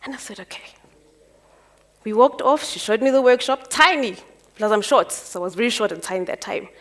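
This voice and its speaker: A South African woman telling her life story on stage, animated and acting out the dialogue. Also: a little high. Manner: animated, acts out dialogue with quick voice jumps. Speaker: entrepreneur speaker. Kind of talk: personal storytelling talk.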